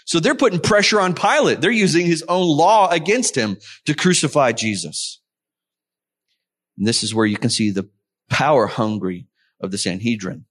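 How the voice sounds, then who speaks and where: A man's voice: a little high, lively intonation, normal speed, a bit bright. A man preaching a sermon, explaining a Bible passage and reading scripture aloud. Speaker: pastor.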